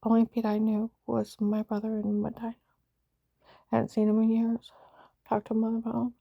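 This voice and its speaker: A woman's voice: a little high, monotone, moderate pace, vocal fry, no echo, highs cut off. A woman recounting her own experience in an agitated, rambling way, jumping between quoted speech and narration. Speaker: vlogger telling her own story. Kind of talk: rambling personal account.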